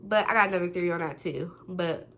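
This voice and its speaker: A woman's voice: on the low side, quick pace. A young adult woman vlogger telling a story in a casual, slangy way, with plenty of swearing. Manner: chatty, slangy, animated retelling with swearing.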